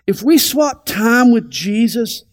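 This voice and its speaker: A man pastor teaching scripture in a deliberate, emphatic way, dropping to soft asides. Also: very high voice, expressive. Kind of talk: radio Bible teaching.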